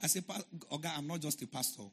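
A man preaching a sermon as a pastor, telling a story and shouting and chanting at its peaks. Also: fairly high pitch, quick pace, gravelly, breathy edge.

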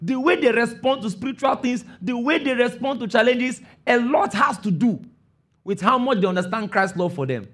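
A man preaching a sermon, emphatic, stopping often to ask his listeners if they follow and sometimes rising to a shout. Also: extremely high pitch, animated, normal speed. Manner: emphatic, calls for congregation responses; rises to shouts on key phrases.

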